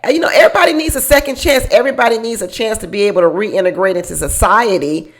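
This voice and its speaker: A woman's voice: mid-range voice, fast. A woman hosting a casual recap show, chatting to her viewers in a gossipy, laughing way about a reality program. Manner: speaks straight to viewers as "y'all".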